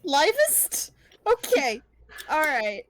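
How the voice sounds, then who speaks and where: Woman player, playful, high and bouncy, unhurried. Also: no room sound. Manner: animated and playful. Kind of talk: casual tabletop game play.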